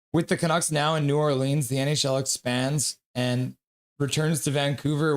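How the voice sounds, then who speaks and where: A tired man streaming live hockey play-by-play, calling the action in quick running commentary and reading chat aloud between plays. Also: mid-range voice, a little mellow.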